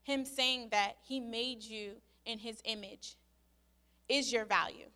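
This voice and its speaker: A young woman telling a personal faith story in a casual, animated way, acting out her own quotes. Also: fairly high pitch, takes it slowly. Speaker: speaker sharing a testimony.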